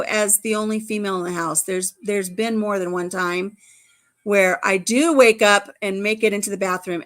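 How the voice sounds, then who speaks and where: A woman's voice: mid-range voice, fairly bright tone. A middle-aged woman hosting a livestream, chatting casually, telling stories and answering the live chat. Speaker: livestream host.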